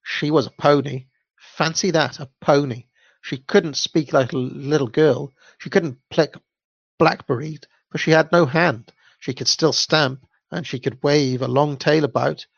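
A man reads a children's story aloud in a gravelly voice, unpolished and now and then stumbling over a word. He sounds amused by the text. The recording is dull, dry and lo-fi. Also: on the high side, fairly even intonation, measured pace, no echo.

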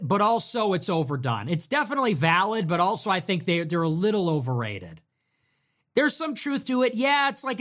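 A man's voice: high-pitched, bright, forceful tone. A young man ranting profanely and sarcastically as a livestream host.

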